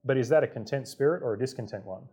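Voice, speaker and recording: A man's voice: mid-range voice, racing, warm tone, slightly rough. A man preaching a sermon to his congregation, chatty and self-deprecating, often stepping into the voices of the people in his stories. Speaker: pastor.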